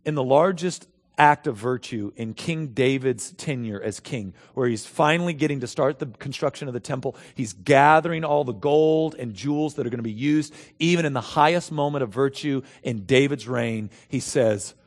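A man's voice: medium pitch, moderate pace. A man preaching a sermon as pastor, emphatic, asking rhetorical questions and reading scripture aloud. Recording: long hall reverb.

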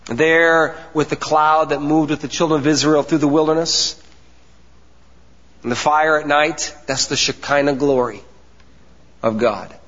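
A man preaching a sermon, with earnest emphasis, deliberate pauses and soft asides. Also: fairly high pitch, steady tone. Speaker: pastor. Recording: dull sound with long hall reverb.

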